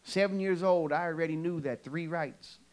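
A man from California performing an animated stand-up comedy set for a church audience. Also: a little high, moderate pace, slight background noise. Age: adult. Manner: animated storytelling punchlines. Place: church sanctuary, live audience.

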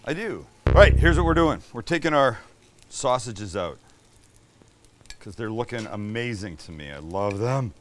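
A Canadian man hosts a casual cooking demo in his home kitchen, chatty and enthusiastic and swearing now and then. He has a lowish, expressive voice and takes his time, with slight background noise.

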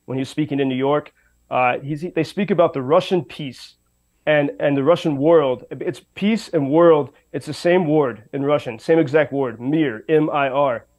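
A man's voice: a little high, moderate pace, darkish tone, rough recording. A man reporting by radio from western Ukraine, speaking unscripted with many fillers and restarts. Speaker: radio correspondent.

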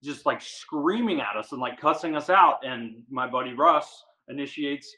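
A man from the Washington DC area, a guest angler, telling a story in casual chat, animated and full of "like". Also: medium pitch, poor audio. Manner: animated, fast, says "like" a lot.

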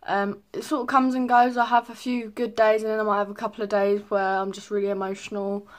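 A woman's voice: mid-range voice, level tone, brisk. A young woman chatting casually in a pregnancy update vlog, rambling with many ums. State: a little out of breath. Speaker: vlogger.

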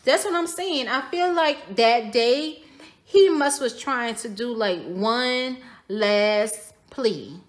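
A woman's voice: on the high side, expressive, slow. A woman giving a tarot reading for her viewers, speaking casually, speculating aloud and repeating her phrases. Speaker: tarot reader.

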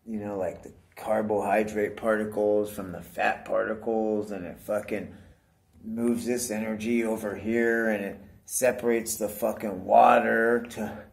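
A man's voice: lowish voice, level tone, unhurried, gravelly. A man talking casually to his viewers in a rambling monologue, swearing often and calling everyone "dude". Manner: rambling, profane, keeps saying "dude". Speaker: vlogger.

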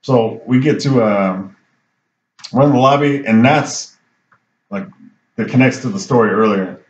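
A man's voice: mid-range voice, measured pace. A man co-hosting a podcast, telling a profane anecdote in a casual, laughing way. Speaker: podcast co-host. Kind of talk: casual storytelling chat. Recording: roomy, dull lo-fi sound.

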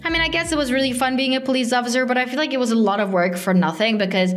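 A young woman hosting a gaming channel, commenting on her gameplay in a playful, excitable way and calling out to other players. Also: fairly high pitch, very fast. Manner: excitable, exclaims often, talks to other players. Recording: light background music.

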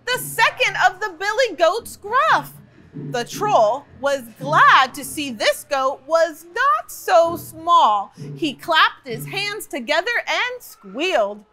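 A woman reading a picture book aloud for a library storytime, playful and expressive. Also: extremely high pitch, takes it slowly. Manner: playful, expressive, chatty asides.

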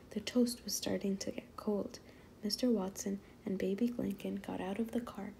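A woman reading a children's book aloud in a soft, half-whispered voice. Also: medium pitch, fairly even intonation, moderate pace, vocal fry, slight background noise. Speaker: read-aloud narrator.

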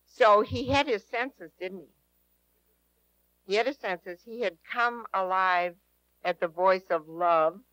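A woman's voice: medium pitch, slow, fairly bright tone, no echo, rough recording. A woman telling a personal testimony to an audience in an earnest, emphatic way, repeating her key phrases. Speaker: speaker at a prayer teaching session.

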